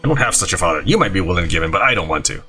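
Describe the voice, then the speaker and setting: A man's voice: deep voice, very fast, soft background music. A man playing a video game and reading its dialogue aloud, jumping between voices and asides. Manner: animated, jumps between character voices and asides. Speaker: gaming YouTuber.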